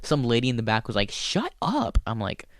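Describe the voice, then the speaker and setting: A man's voice: mid-range voice, quick pace, dry recording, clean studio sound. A man who is a stand-up comedian, telling stories in a casual, profane, rambling way. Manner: profane, rambling, animated storyteller. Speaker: stand-up comedian and show host. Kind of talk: casual storytelling chat.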